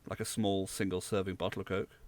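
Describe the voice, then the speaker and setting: Man, very low voice, dry close recording, casual rambling podcast talk. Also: flat delivery, fast, no echo. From Southwest England. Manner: dry, rambling with many fillers. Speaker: podcast co-host. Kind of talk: casual chat.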